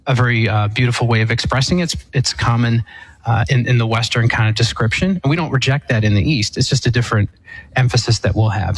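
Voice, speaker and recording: A man, an Eastern Catholic priest, explaining theology on a call-in show in a measured, thoughtful way with fillers and restarts. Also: mid-range voice, slightly rough, low-quality recording.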